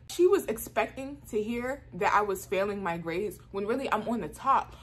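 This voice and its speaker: Woman vlogger, casual storytime, animated, high squeals on exclamations, medium pitch, faint background hum. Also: moderate pace. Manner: frequent "like" fillers.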